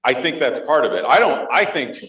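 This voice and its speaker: A man with a drawl hosts a podcast live on stage and keeps joking with the crowd. His voice sits at an ordinary pitch. The conference hall around him makes it ring. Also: sing-song, brisk, pushed and bright. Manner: playful, jokey, engages the crowd. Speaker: podcast co-host. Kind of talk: live podcast chat with audience. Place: conference room with live audience.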